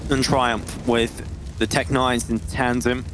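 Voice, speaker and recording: A man calling a video game match as a play-by-play caster, energetic and jokey. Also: mid-range voice, takes it slowly. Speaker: esports caster. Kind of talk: play-by-play commentary. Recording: noisy game audio behind. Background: gunfire from the game.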